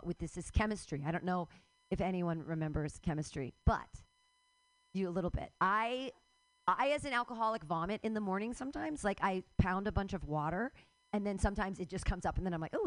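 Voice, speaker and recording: A middle-aged woman doing a rambling stand-up comedy set at a live show, breaking into loud outbursts and laughing at her own jokes. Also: medium pitch, no echo.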